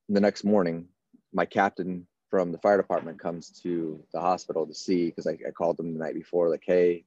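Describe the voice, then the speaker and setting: A man's voice: low voice, a little mellow, no room sound, muffled recording. A man in his thirties, a firefighter, telling a long personal story casually and acting out the exchanges he had with the people around him. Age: 30s. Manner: casual, run-on retelling with many quoted exchanges. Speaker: firefighter guest. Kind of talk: storytelling in an interview.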